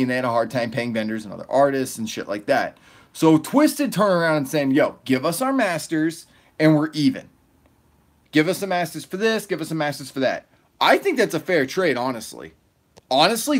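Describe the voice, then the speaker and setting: Loose, swearing male livestream host. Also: medium pitch. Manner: loose and profane, rambling, laughs often. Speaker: livestream host reading chat. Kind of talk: casual livestream chat.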